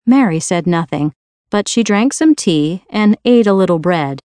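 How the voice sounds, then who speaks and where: A woman narrating a storybook in a clear, even, careful reading voice. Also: lowish voice, normal speed, no echo. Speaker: audiobook reader.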